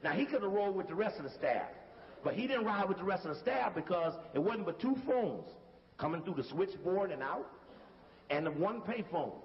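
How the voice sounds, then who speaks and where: A man's voice: sits high, expressive, fairly quick, big-room sound, highs cut off. A man giving casual, emphatic commentary over video footage and calling out cues to stop and rewind it. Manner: emphatic, talks straight to the listener and calls out cues to stop and rewind.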